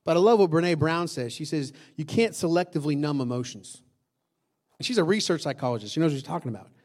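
A man's voice: a little high, expressive, fast talker, darkish tone. A man preaching a sermon to a congregation in a conversational style, often asking the room questions and repeating key lines for emphasis. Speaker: pastor.

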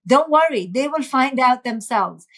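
A woman's voice: high-pitched, expressive, measured pace. A middle-aged woman, a parenting expert, explaining earnestly and emphatically as a guest in a podcast interview.

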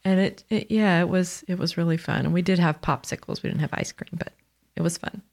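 A woman, co-hosting a casual faith podcast in a gentle, easygoing way. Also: fairly low pitch, fairly even intonation, brisk. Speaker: podcast co-host.

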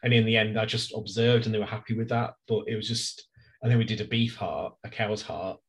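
A man's voice: on the low side, steady tone, brisk. Easygoing British man chatting. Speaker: podcast co-host. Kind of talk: casual chat.

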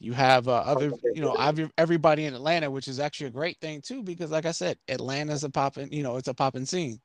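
A man's voice: on the high side, fast, no echo. A man hosting a podcast in casual chat, joking and ranting with plenty of swearing. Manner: joking, profane, rambling rants. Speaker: podcast host.

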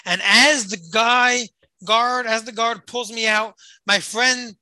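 Storyteller: very bright, sharp tone, dramatic delivery with repeated phrases, close and dry. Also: mid-range voice, fairly even intonation, slow pace, no echo, low-quality recording. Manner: dramatic, repeats phrases for emphasis, rises and hushes. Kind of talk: emotional retold story.

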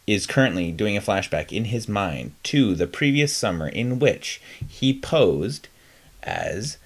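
A man co-hosting a podcast in casual, rambling chat, laughing often and filling pauses with "um". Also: fairly low pitch. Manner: animated, laughing, rambling with fillers. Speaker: podcast co-host.

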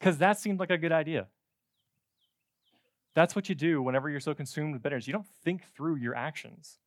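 A man preaching a sermon in a conversational, animated way, with joking asides. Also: a little high, fairly quick, no room sound, clean studio sound.

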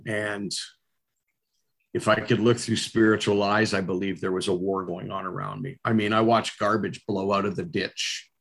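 A man's voice: fairly low pitch, little pitch movement, moderate pace, gravelly, fairly bright tone, breathy edge. A middle-aged man telling his personal testimony earnestly and candidly, with frequent fillers. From Canada.

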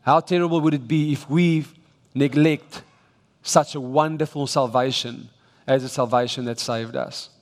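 A man's voice: mid-range voice, steady tone, measured pace. A man with a South African English accent preaching a sermon with emphatic, exhorting delivery and frequent restarts. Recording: long reverb of a large church hall.

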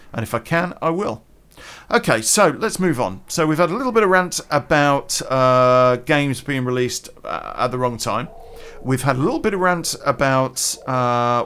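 A man's voice: mid-range voice, a bit bright, clean tone. A British man hosting a podcast, ranting casually and bluntly, swearing freely and chewing gum as he talks. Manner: chatty, blunt, swears casually, lots of "you know". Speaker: podcast host.

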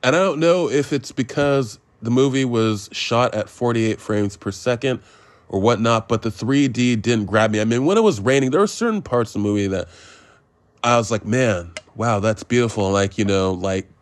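A man's voice: medium pitch, moderate pace, no room sound. A man hosting a podcast, reviewing a film in a rambling, sarcastic monologue full of swearing, digressions and self-mocking jokes. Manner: self-mocking, with jokey made-up phrases.

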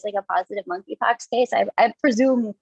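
A woman's voice: medium pitch, brisk, gravelly, slightly rough, no echo, muffled recording. A woman guest doctor explaining things in casual podcast chat, self-conscious and laughing often.

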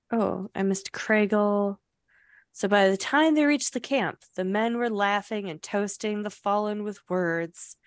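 Slow, dry-voiced woman recapping a book. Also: medium pitch, no echo. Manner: reads passages aloud with laughing asides. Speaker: podcast co-host recapping a novel. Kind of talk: casual book recap chat.

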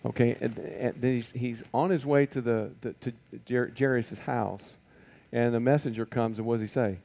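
A man's voice: mid-range voice, fairly even intonation, moderate pace, vocal fry, warm tone. A man teaching a Bible lesson to a group in a conversational way, asking many rhetorical questions and stopping on fillers.

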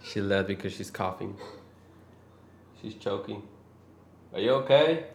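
A woman's voice: very deep voice, animated, measured pace, darkish tone, reverberant, slight background noise. A woman chatting casually with her partner over a meal, teasing and laughing.

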